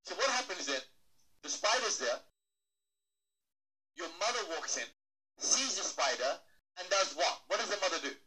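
Bright, lively male stage speaker. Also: sits high, moderate pace, pauses often, poor audio. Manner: playful, questions the crowd, acts out little voices. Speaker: motivational speaker. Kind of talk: animated stage talk to a live audience.

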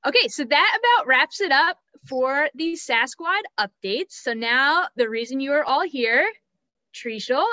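A woman hosts a live stream and runs through updates in a chatty, enthusiastic way. Her voice is bright and slightly high. The sound is dry and close, with no room echo. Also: animated, measured pace. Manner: chatty, enthusiastic, laughs at names. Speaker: host and race director.

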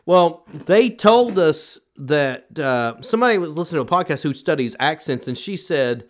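Animated man co-hosting a film podcast. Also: fairly high pitch, normal speed. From United States. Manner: animated, emphatic, opinionated. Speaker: podcast co-host. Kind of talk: casual movie review chat.

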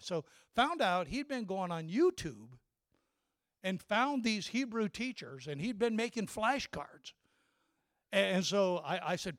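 Older man, pastor, sermon, high voice, dry close sound, storytelling, repeats himself. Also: sing-song, measured pace, a bit bright, no echo. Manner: storytelling, repeats words and restarts often.

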